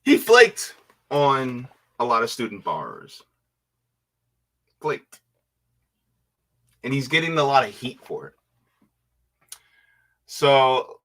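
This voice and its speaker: A man hosting a casual livestream, reading viewer comments aloud and musing on them in a laid-back way with quiet hums. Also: medium pitch, very animated, slow pace, long pauses.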